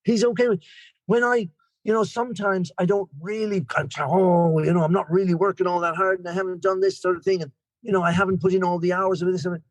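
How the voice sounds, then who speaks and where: A man's voice: high-pitched, fairly even intonation, brisk, no room sound. A man in his sixties from Ireland with an Irish accent, sharing at a recovery meeting in a rambling, chatty way with self-deprecating humor, over a video call. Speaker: guest speaker.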